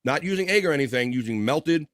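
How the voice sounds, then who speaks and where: A man's voice: on the high side, expressive, fast talker, fairly bright tone, a little hiss or hum. Rambling laughing male stream host. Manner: rambling, laughs often, restarts sentences. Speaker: livestream host. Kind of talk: casual live-stream chat.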